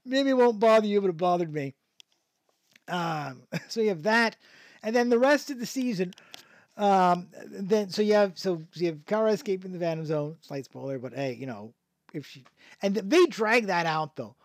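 A man hosting a podcast talks at normal speed in a high, animated voice, rambling through a casual show review with many restarts and frequent chuckles. There's no echo.

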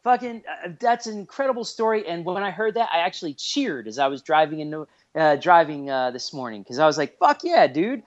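A man in his thirties, a guest on a casual podcast, telling stories in an excitable way with lots of swearing. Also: on the high side, a little fast, hardly any pauses. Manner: animated, swears a lot, excitable. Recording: dull lo-fi podcast audio.

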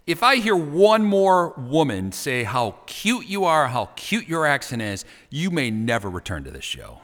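A man hosting a talk show, teasing his guest in a playful, animated way. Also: fairly high pitch, a little slow, big-room sound. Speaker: radio show host.

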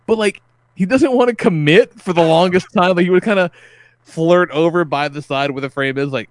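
A man co-hosting a podcast, telling stories in an animated, casual way with some swearing. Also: a little high, brisk. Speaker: podcast co-host. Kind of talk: casual chat.

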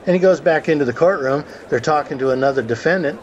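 A man's voice: on the high side, fast, slight background noise. Man telling a story on a lo-fi call. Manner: conversational, acts out quotes in the story. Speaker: host of a call about the law.

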